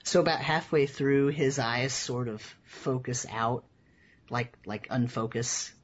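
A man's voice: mid-range voice, fairly even intonation, a little slow, lo-fi sound. A man running a tabletop game as game master, casually narrating and chatting.

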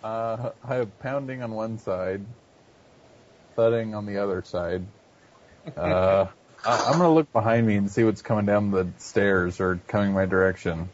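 A man playing a tabletop game who talks in a hesitant, halting way. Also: on the low side. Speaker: player. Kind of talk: casual tabletop play. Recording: dull lo-fi recording with faint hiss.

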